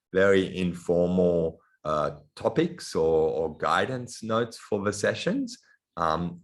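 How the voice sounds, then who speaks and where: A middle-aged man with a mixed Australian and European accent, giving an online lecture in a halting way, with many ums and restarts, over a video call. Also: low voice, a bit bright. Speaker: guest lecturer. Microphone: computer mic on a video call.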